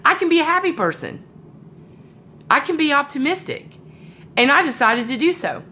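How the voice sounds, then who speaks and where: A woman's voice: sits high, sing-song, normal speed, pushed and bright, slight background noise, voice pushed up, full character voice. A woman putting on a bubbly five-year-old girl. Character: cheerful little girl, five years old.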